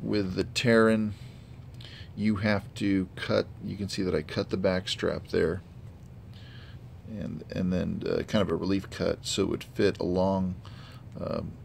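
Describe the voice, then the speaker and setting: Low, gravelly man reviewing gear. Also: little pitch movement, slight background noise. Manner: halting, many fillers, matter-of-fact. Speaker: gun hobbyist reviewer. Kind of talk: casual product review vlog. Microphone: handheld camera mic.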